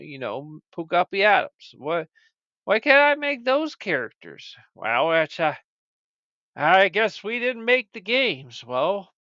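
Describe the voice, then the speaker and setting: A man hosting a comedic chat show, rambling and stammering in a lively, swooping voice with a slightly raised pitch. The recording is dull and lo-fi, with a dry, close sound. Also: no echo. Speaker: show host.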